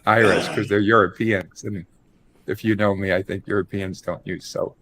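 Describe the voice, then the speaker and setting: A man's voice: low-pitched, steady tone, normal speed, fairly bright tone, slight background noise. A man hosting a casual online panel chat, dry and joking.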